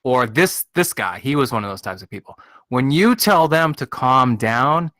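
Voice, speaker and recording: Guy rambling and explaining stuff to friends, bright dry voice. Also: mid-range voice, expressive, moderate pace, no echo. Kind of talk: casual group chat.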